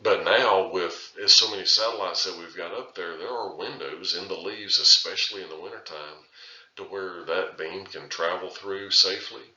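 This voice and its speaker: A man with a low, sharply edged voice delivers a recorded lecture, talking loosely and often circling back to restart his phrases. The sound is roomy and a little dull, like a lo-fi classroom capture. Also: moderate pace, pushed and bright. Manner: conversational, with frequent restarts and filler phrases. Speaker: surveying instructor.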